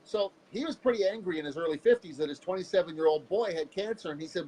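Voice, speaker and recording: A man from Canada, a guest in an interview, telling his own story candidly and with animated energy. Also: high-pitched, fast, few pauses, a little hiss or hum, low-quality recording. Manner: animated, candid storyteller who jumps into voices.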